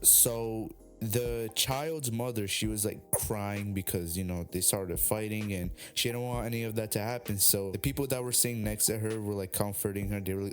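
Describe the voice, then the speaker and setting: A young man telling a story casually, rambling with lots of fillers and some swearing. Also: lowish voice. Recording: music playing underneath.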